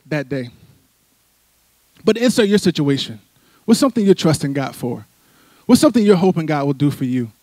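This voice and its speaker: A man's voice: sits high, a little mellow, no room sound. A middle-aged man from Philadelphia preaching a sermon, conversational and full of "right?" asides. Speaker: church speaker. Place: church sanctuary.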